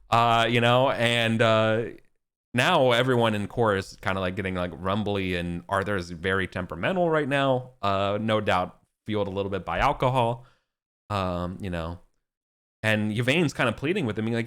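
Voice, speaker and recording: A man's voice: fairly low pitch, moderate pace, fairly bright tone, smooth. A young man running a tabletop game as game master, narrating loosely with plenty of fillers. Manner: loose and rambling, heavy on fillers.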